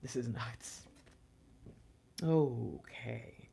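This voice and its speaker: A woman giving a tarot reading to camera, talking to viewers directly in an excitable, conversational way. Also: very deep voice, drawn-out words, gravelly, husky. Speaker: tarot reader.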